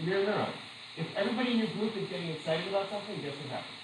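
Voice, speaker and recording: A man teaching a class, telling chatty stories with asides and quick laughs. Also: sits high, animated, roomy sound, background noise. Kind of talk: classroom lecture with anecdotes.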